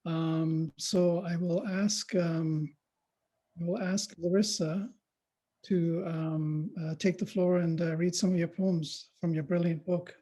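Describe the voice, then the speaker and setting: A man emceeing a poetry reading, moderating the talk with measured, unhurried phrasing. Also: fairly high pitch, fairly even intonation, warm tone. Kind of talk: moderating a panel conversation.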